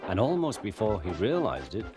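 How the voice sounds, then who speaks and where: A man with a fairly low voice tells a children's story, gentle and lively. Music plays clearly beneath his narration. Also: normal speed.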